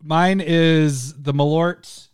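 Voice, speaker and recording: A man's voice: on the high side, fairly even intonation, drawn-out words, clean tone, dry recording, studio quality. A man hosting a casual live podcast with rambling, joking banter. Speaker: podcast host. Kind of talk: casual live-stream chat.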